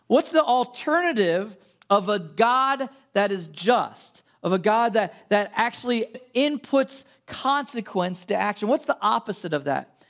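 In an unhurried, sing-song, high voice with a fairly bright tone, a male pastor gives a conversational sermon. He leans on stories and fillers and asks many rhetorical questions.

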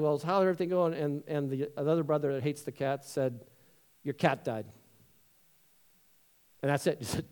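A man's voice: on the high side, darkish tone. A man preaching a sermon in a conversational, joking way, acting out voices in his stories. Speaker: pastor.

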